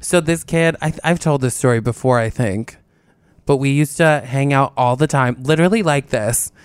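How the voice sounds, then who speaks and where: Brief: young male podcast co-host, smooth resonant voice, dry close mic, animated storyteller. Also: medium pitch, dry recording. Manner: animated storytelling, swearing, quick laughs. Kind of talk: casual podcast chat.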